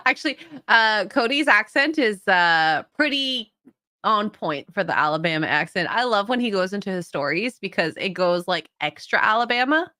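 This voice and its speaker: Female streamer host, giggly and quick to gasp, close dry sound with a swooping delivery. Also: mid-range voice, no room sound. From Canada. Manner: giggly, animated, reacts with gasps. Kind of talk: casual livestream chat.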